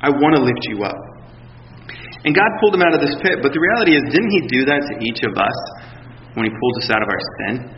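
A man preaching a sermon in a relaxed, conversational storytelling way, often restarting his sentences and acting out quotes. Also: medium pitch, fast talker, slight background noise. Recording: echoey hall, dull sound.

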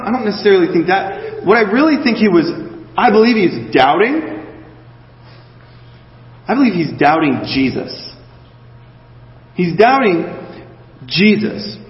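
High-voiced man preaching in an echoey hall. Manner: conversational, checks in with the listeners with rhetorical questions. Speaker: pastor. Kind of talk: sermon. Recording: echoey hall, dull lo-fi sound.

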